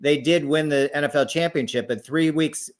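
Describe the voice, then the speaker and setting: A man co-hosting a podcast, recounting sports history in casual chat and often pausing with "uh". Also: fairly high pitch. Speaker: podcast co-host.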